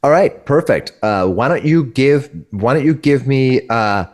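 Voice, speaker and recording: A man's voice: medium pitch, lively intonation, a little slow, a little mellow. A young adult man narrating as game master, with frequent hesitations and restarts. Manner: hesitant, many uh's and restarts.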